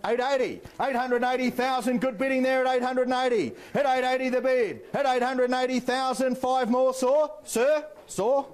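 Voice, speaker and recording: Man, Australian accent, auctioneer, very high voice, rhythmic bid calling, cheeky banter. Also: fairly even intonation, a little fast, few pauses, clear, resonant tone. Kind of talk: live property auction calling.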